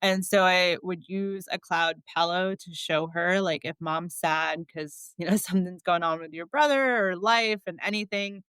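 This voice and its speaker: A woman's voice: on the low side, steady tone, moderate pace, few pauses, fairly bright tone, clean tone, dry recording. A woman guest on a podcast, telling her story in a candid, chatty way, with many filler words and frequent laughs.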